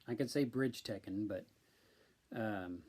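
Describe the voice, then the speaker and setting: Slow-talking man. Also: lowish voice, darkish tone, husky. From central Illinois, USA. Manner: slow, deliberate, with many ums. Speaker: live stream host. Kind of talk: casual live stream chat.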